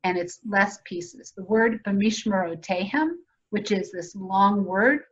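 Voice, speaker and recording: A woman's voice: mid-range voice, takes it slowly, slightly rough, lo-fi sound. A woman presenting a virtual teacher training session in a conversational, explanatory way, putting questions to her audience.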